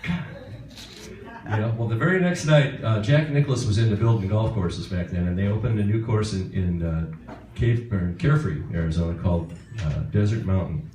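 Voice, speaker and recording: A guitarist telling a rambling, chuckling story on stage. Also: male voice, on the low side, fairly quick, mellow. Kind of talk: onstage anecdote. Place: concert stage. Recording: echoey hall, far from mic, noisy.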